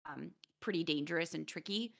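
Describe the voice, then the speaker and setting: A young adult woman chatting casually on a stream, lively and quick to laugh. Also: low-pitched, vocal fry.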